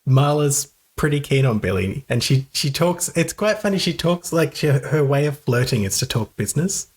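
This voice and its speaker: A man's voice: fairly high pitch, lively intonation, moderate pace, breathy edge. A man co-hosting a casual film-review podcast, chatty, laughing often and restarting his sentences. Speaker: podcast co-host.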